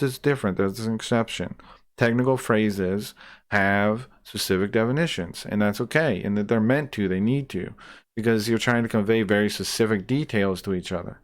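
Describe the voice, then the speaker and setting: A man's voice: on the low side, moderate pace. A man ranting in a heated, profane reaction commentary, repeating himself and restarting sentences as he gets worked up. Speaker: streamer reacting to a debate clip.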